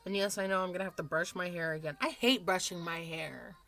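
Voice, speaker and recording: A woman's voice: lowish voice, steady tone, fairly quick, a bit bright. A woman in her thirties chatting casually and rambling as she does her makeup at home on camera for a vlog, swearing freely. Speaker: vlogger.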